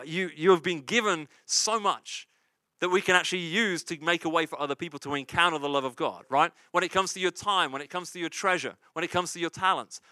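With no room sound around him, a man preaches as pastor in a slightly high, bright, forceful voice. His style is conversational, full of "right?" and "you see," and he repeats important lines to stress them.

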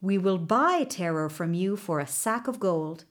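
A grave prime minister , read by a woman storyteller, formal and earnest, unhurried in delivery. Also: fairly low pitch, lively intonation. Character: grave male prime minister, careful adviser.

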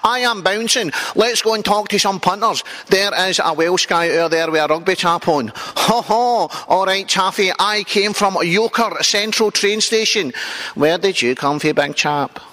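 Bright-voiced scottish guy doing a jokey travel show, cheeky banter, talks kinda high. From Scotland. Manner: cheeky, joking, quick banter. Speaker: presenter. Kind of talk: comic travel presenting.

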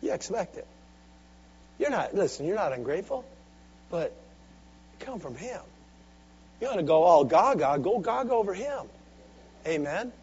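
Guy preaching, kinda high voice, goes from hushed to hollering, call and response, muffled lo-fi sound. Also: very animated, normal speed, pauses often, husky. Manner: swings from soft, intimate asides to loud, driving exhortation. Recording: dull lo-fi recording with faint hum.

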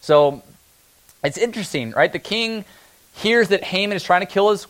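A male pastor giving a conversational sermon, easygoing and chatty. He often breaks into brief acted-out voices to make a point. His voice sits a little higher than most men's. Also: lively intonation, a bit bright. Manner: conversational, acts out characters in quick asides.

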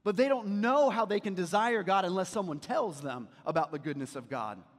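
A man preaching a sermon as a pastor, talking to the congregation in a conversational way and dropping to a quiet storytelling voice for anecdotes. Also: high voice, animated, a little fast, in a large hall. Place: church sanctuary.

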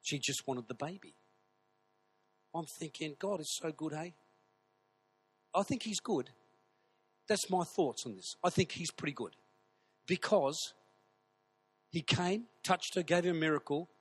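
A husky-voiced man preaching from the pulpit, swinging between quiet storytelling and loud, fiery outbursts. His voice sits a little high for a man. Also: a little slow, pauses often. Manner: animated storytelling, shouting at peaks. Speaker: pastor. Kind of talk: sermon.

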